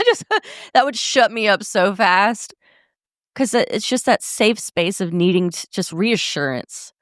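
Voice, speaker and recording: A woman's voice: mid-range voice, measured pace, no room sound. Podcast host, young woman, candid and profane, close and dry sound. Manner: candid, blunt, swears freely. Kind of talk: casual podcast monologue.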